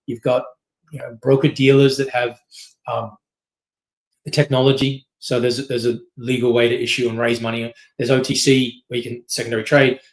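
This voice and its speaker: A man giving a long, informal presentation, speaking in quick loose bursts. He leans on fillers and keeps checking in with "right?". His voice sits at an ordinary middle pitch for a man. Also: flat delivery, low-quality recording. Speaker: company CEO giving a masterclass. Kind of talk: casual presentation talk.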